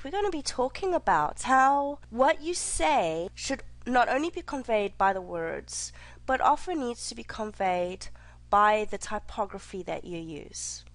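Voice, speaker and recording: A woman teacher giving a recorded lecture, speaking clearly and deliberately and slowing down to stress her examples. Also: mid-range voice, no room sound.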